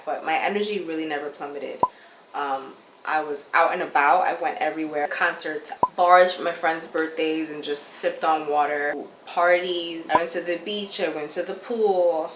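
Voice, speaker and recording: Low-voiced young woman in an echoey room. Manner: candid, slangy, chatty. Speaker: vlogger. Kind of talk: casual chat. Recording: echoey room, faint background noise.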